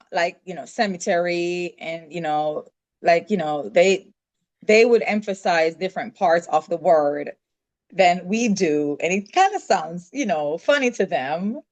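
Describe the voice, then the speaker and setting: A Jamaican woman telling stories as a guest in an interview, lively and acting out what people said. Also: lowish voice. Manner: lively storytelling, acts out quoted dialogue. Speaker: podcast guest. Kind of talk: casual interview chat.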